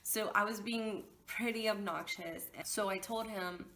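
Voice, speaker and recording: A young woman talks straight to camera in a casual storytime vlog. Her retelling runs heated and emotional, with blunt swearing. Her voice sits at an ordinary middle pitch for a woman. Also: unhurried, pushed and bright. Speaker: vlogger.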